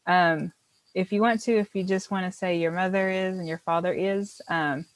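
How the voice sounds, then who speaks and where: A woman's voice: fairly low pitch, fairly even intonation, normal speed, no room sound, poor audio. A woman teaching a beginner language class, explaining patiently step by step and encouraging her students.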